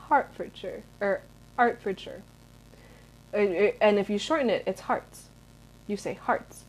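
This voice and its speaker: A woman's voice: mid-range voice, a little mellow, a little hiss or hum. A young American woman in her twenties, answering viewer questions in a rambling, chatty vlog with lots of fillers. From United States. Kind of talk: casual Q&A chat.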